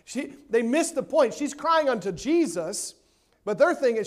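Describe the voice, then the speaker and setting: High-voiced emphatic male preacher. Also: animated, moderate pace. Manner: emphatic, swings between loud and hushed; repeats words when stressing points. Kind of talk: sermon. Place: church sanctuary.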